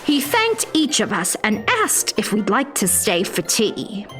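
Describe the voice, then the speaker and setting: A woman narrating a children's fairy tale in a playful, expressive voice, now and then dropping to a whisper for suspense. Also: medium pitch, measured pace, faint music behind. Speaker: storyteller playing the fairy narrator. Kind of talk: scripted children's story narration.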